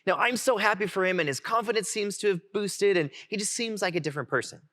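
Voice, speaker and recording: A man in his twenties giving a heartfelt keynote, telling his own story in an animated way. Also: high-pitched, fairly quick. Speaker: keynote speaker. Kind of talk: personal storytelling talk. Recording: music playing underneath.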